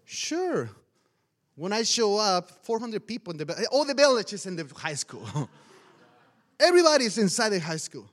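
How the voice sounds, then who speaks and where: A pastor tells his testimony with animated energy, often breaking into laughter. His voice sits a bit high for a man. His English has non-native phrasing and grammar. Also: moderate pace. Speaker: pastor and missionary. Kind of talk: storytelling testimony.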